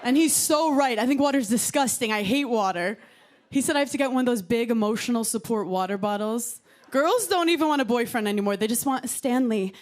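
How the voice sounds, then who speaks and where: A woman's voice: a little high, fairly quick. Punchy woman doing stand-up. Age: 30s. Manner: punchy deadpan delivery, acting out quoted voices. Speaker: stand-up comedian. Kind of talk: stand-up comedy set. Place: television studio stage with live audience.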